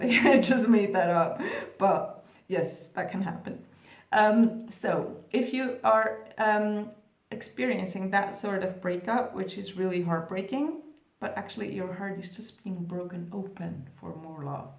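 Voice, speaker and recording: A woman talking to camera as a spiritual vlogger, gentle, earnest and reassuring. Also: medium pitch, unhurried. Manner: gentle, earnest and reassuring, with soft laughs and fillers. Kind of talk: casual talk to camera. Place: indoor room, Australia. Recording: echoey room, distant mic.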